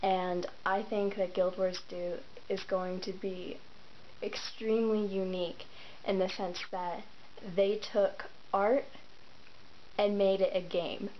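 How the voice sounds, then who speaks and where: A woman's voice: medium pitch, level tone, slow, a little hiss or hum. A woman giving casual, admiring commentary on game art. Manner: admiring, enthusiastic. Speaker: art segment contributor. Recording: dull lo-fi mic.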